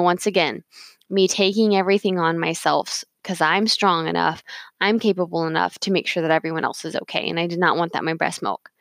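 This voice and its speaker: A woman's voice: on the low side, a bit bright, no echo. A young woman casually retelling her birth story, rambling with many fillers and restarts.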